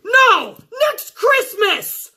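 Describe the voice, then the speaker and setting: A man mocking a baffled high-voiced referee. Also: sing-song, drawn-out words, pushed and bright, slight background noise, heavily acted. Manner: baffled questioning. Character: confused bewildered male referee.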